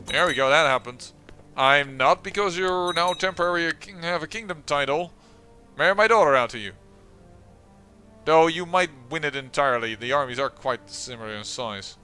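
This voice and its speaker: Let's-play guy, bright voice a bit on the high side, thinking out loud and restarting sentences. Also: normal speed, soft background music. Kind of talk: game commentary.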